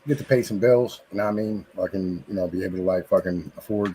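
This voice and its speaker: A man's voice: low voice, quick pace, mellow, slight background noise, low-quality recording. A man who drives trucks, talking bluntly in casual chat, packed with curses and fillers. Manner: heavy cursing, filler-laden, blunt.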